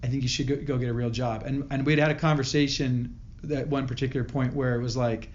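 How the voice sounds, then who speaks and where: A man's voice: mid-range voice, fairly even intonation, darkish tone. A man guest on a podcast telling a personal story in an earnest way, often stopping and restarting his sentences. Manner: earnest, halting with many restarts. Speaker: podcast guest, company founder. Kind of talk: storytelling interview. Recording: dull lo-fi audio.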